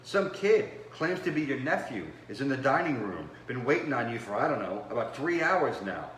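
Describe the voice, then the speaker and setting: A man's voice: medium pitch, sing-song, moderate pace, a bit bright, recorded from a distance, slight background noise. A man voicing a stressed, brash restaurant manager who talks bluntly and swears, recorded in a roomy space with faint background ambience. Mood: exasperated.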